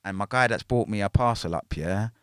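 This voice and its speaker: A man's voice: on the low side, a little fast, clear, resonant tone, no room sound, studio quality. A man, a podcast guest telling a story in casual talk, packed with slang and tags like "yeah?" and "innit". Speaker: podcast guest, former prisoner.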